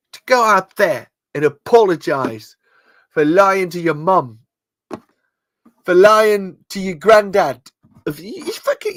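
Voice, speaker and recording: An intense male lie-reading expert rants and accuses. The voice sits far higher than his own and swings wildly up and down. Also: fairly bright tone, full character voice. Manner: ranting, accusing, high-strung.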